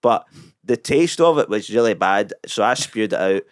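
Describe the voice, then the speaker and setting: Scottish comedian guy rambling thru a story, lots of swearing, deadpan, lowish smooth voice, dry close sound. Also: normal speed, no room sound. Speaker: comedian guest. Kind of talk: casual storytelling anecdote.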